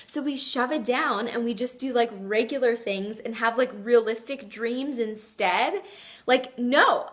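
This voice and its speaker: A woman with a fairly bright, higher voice hosts a motivational live video. She speaks earnestly and emphatically and reads out viewer comments.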